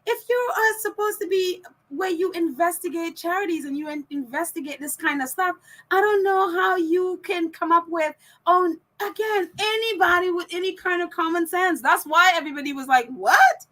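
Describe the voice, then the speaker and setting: Woman podcast host, high and bright, chatty ranting delivery with lots of laughs. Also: moderate pace. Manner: ranting, laughs often between phrases. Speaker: podcast host reading viewer comments. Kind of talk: casual opinion chat.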